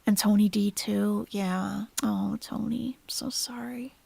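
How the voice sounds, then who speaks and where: Gravelly woman reacting on a livestream. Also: medium pitch, fairly even intonation, takes it slowly, no echo. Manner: chatty, swings from soft sympathy to blunt profane ranting. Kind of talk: casual livestream commentary.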